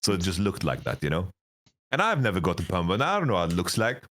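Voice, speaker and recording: A man in his thirties, a guest telling profane, rambling stories in a casual interview, his voice getting raspy. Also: low-pitched, wildly swooping pitch, quick pace, fairly bright tone. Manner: rambling, profane, laughing storyteller. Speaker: esports coach, interview guest.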